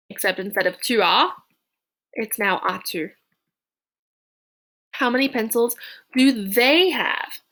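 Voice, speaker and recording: Bright, high-voiced woman teaching French. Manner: dictates French phrases slowly, then explains them in English; chatty, playful teacher talk. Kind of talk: recorded classroom lesson.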